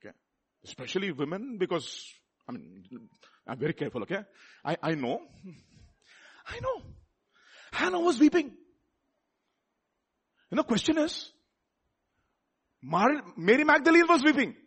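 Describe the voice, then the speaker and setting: A man preaching a sermon, swinging from loud exclamations to soft asides and putting questions to his listeners. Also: high voice, sing-song, normal speed, pauses often, slightly rough.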